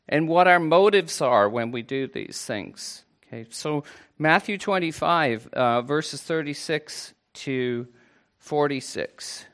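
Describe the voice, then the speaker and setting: A man preaching a sermon to a congregation, earnest and unhurried, with playful asides. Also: a little high, fairly bright tone.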